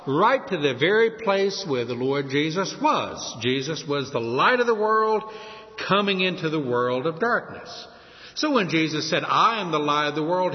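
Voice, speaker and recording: A man's voice: on the high side, in a large hall, lo-fi sound. A man preaching a sermon, emphatic, stressing quoted scripture. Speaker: pastor.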